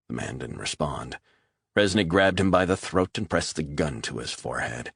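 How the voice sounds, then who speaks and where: Deep-voiced man narrating a thriller. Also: lively intonation, moderate pace, a bit bright, slightly rough, no echo, clean studio sound. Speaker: audiobook narrator. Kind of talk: scripted narration.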